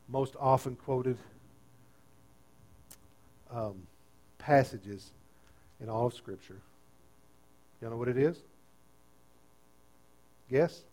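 A pastor preaching a sermon with great energy, swinging from quiet, tender lines to loud, emphatic ones. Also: male voice, mid-range voice. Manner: dynamic preaching, swinging between soft and loud.

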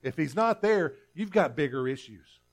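Earnest preaching man, higher voice. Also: expressive, normal speed, soft background music. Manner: earnest, repetitive preaching with stammered restarts. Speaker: pastor. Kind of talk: sermon.

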